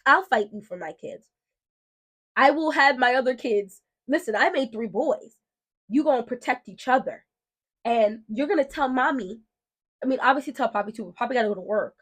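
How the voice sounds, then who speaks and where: A woman's voice: on the high side, animated, moderate pace, fairly bright tone. A woman telling a story in a casual vlog, firm, emphatic and outspoken, like a protective mom setting things straight. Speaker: mom and beauty vlogger.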